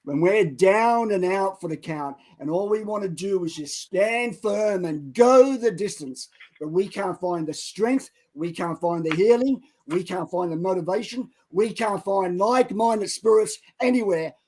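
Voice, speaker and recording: A middle-aged man co-hosting a Christian show, preaching with dramatic retellings that build to loud exhortations. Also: high-pitched, measured pace, rough recording. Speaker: co-host of a Christian online show. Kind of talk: impassioned preaching and storytelling.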